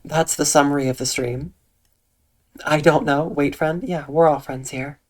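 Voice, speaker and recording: Streamer, soft calm voice, eloquent diction, deadpan, medium pitch, livestream chat. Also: measured pace. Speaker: Twitch streamer. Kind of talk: casual livestream chat reading out viewer comments.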